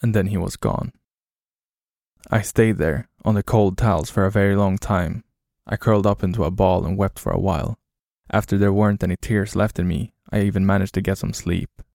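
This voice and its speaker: A man narrating a horror story in a flat, grim, low-key way. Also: moderate pace, gravelly, no room sound, studio quality.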